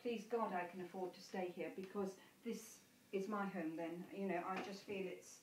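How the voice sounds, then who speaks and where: An older woman telling stories at home in a gentle way, with soft pauses and fillers. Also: medium pitch, fairly even intonation, slight background noise, low-quality recording. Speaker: interviewee. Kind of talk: home video conversation. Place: at home, indoors.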